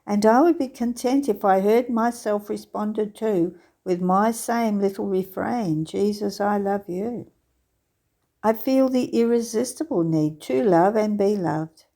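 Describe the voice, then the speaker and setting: Slow, mellow woman reading devotions. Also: medium pitch. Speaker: devotional reader. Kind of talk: scripture-style devotional reading.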